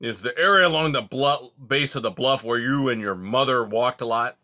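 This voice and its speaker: A man voicing a grumpy, sharp-tongued old male porcupine in a storybook reading, with a gruff, snappish delivery. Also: mid-range voice, moderate pace, close to an everyday voice. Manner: gruff, snappish, louder than the narration.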